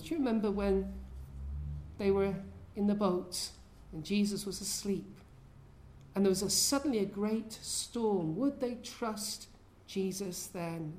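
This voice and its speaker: A woman's voice: mid-range voice, a little mellow. A woman preaching a sermon in an earnest way, often asking her listeners questions.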